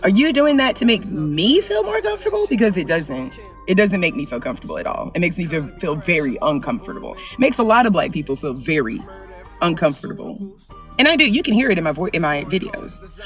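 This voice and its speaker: A woman vlogger delivers a heated opinion rant straight to camera, hammering her points by repeating them. She swings from low, deliberate lines to loud outbursts. Her voice sits a little back from the mic, with soft music playing behind her. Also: big pitch swings, far from the mic.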